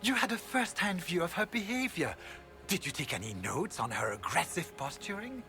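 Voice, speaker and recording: A man voicing an excitable, formal dragon researcher in a game. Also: high-pitched, normal speed, gravelly, over loud music, exaggerated voice. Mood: enthusiastic. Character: eager scholarly male dragon researcher.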